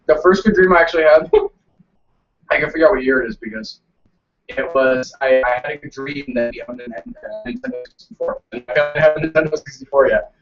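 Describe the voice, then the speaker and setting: A man's voice: on the high side, animated, brisk, gravelly, recorded from a distance. A man telling stories and teasing his friends on a casual live stream. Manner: joking, storytelling, teasing. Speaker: show regular. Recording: lo-fi audio, voice off-mic.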